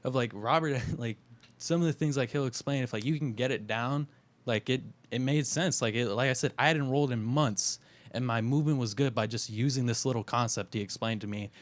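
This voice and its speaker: A man's voice: medium pitch, fairly quick. A young man in casual chat who talks hesitantly and keeps saying "like" while giving his opinion. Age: young adult. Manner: hesitant, fills with "like" a lot. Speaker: guest taste-testing drinks.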